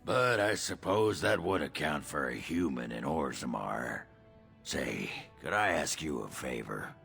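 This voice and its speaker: An actor playing a boozy, blunt male dwarf warrior in a video game, with a rough, gravelly voice and a mocking, laughing manner. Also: a bass voice, lively intonation, a little slow, a bit bright, faint music behind, heavily acted. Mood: gruff. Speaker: game character.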